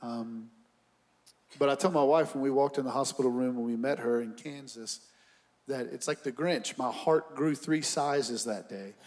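Man, earnest dad, church panel guest, sincere, middle-pitched. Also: normal speed. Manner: earnest, warm-hearted.

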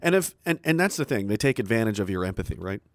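A man's voice: fairly low pitch, big pitch swings, quick pace, no room sound, studio quality. A middle-aged Canadian man delivering a combative, profane, mocking monologue. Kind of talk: ranting monologue.

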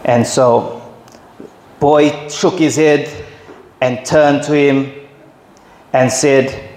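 A man preaching a sermon, slow and emphatic, who jumps high when he acts out quotes. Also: fairly even intonation, a little mellow. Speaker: pastor. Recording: echoey hall, faint ambience.

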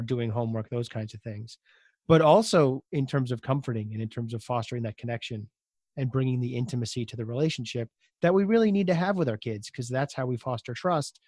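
A man's voice: medium pitch, darkish tone, dry recording, clean studio sound. A man hosting a podcast interview, thinking aloud and rephrasing his guest's advice in his own words. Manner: thoughtful, summarizes and rephrases the guest's points. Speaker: podcast host. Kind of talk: conversational interview.

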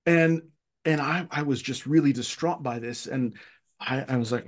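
A man from Egypt, a podcast guest, telling childhood stories in casual conversation, lively and often repeating words as he searches for them. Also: mid-range voice, normal speed.

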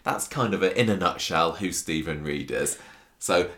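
Deep-voiced chatty British podcast host. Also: male voice, animated, normal speed, creaky, a bit bright. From United Kingdom. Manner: chatty, rambling with restarts and jokes. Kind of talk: casual chat.

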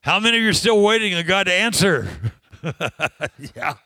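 A man's voice: high-pitched, expressive, normal speed, pushed and bright, no room sound. A man preaching a sermon, telling a personal story in a conversational way, laughing often and asking the congregation questions.

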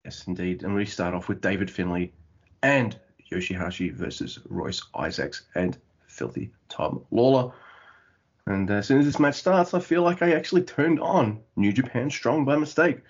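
A man's voice: lowish voice, lively intonation, moderate pace, breathy edge, dull audio. A man co-hosting a podcast in rambling casual chat. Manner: rambling, with restarts and swearing. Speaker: podcast co-host.

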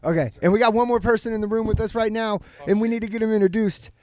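A man's voice: high voice, quick pace, darkish tone. A man hosting a casual podcast chat, joking loosely and laughing often. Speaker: podcast host.

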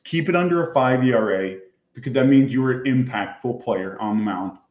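A man co-hosts a casual sports podcast in a mid-pitched voice. He lays out his points step by step and corrects others. His voice sits in a roomy echo. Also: fairly quick, a little mellow. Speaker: podcast co-host.

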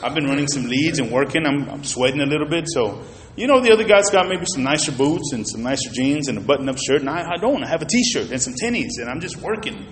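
A man preaching a sermon, telling a personal story in an animated way and talking straight to the congregation. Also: a little high, quick pace, slight background noise. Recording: reverberant hall.

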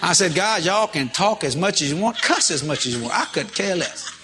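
A man preacher telling a story from the pulpit, animated and breaking into loud shouts of praise. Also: high voice, fairly quick, slight background noise. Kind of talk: storytelling sermon.

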